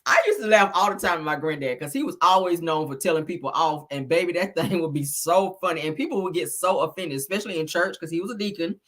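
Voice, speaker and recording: Animated husky-voiced woman host. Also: on the low side, fast talker, hardly any pauses. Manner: animated, laughing, calls audience child and honey. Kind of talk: casual celebrity news chat.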